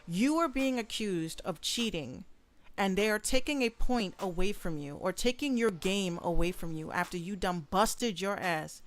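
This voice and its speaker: A woman's voice: mid-range voice, moderate pace. A young adult woman hosting a casual solo podcast from her bedroom, talking bluntly with plenty of swearing. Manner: blunt, profane and animated. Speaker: podcast host and rapper.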